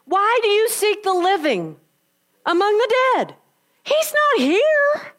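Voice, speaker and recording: A woman's voice: very high voice, very animated, slow pace, fairly bright tone, pitched above the performer's own voice, heavily acted. A woman preacher voicing astonished angels at an empty tomb, questioning emphatically and in disbelief. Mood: incredulous.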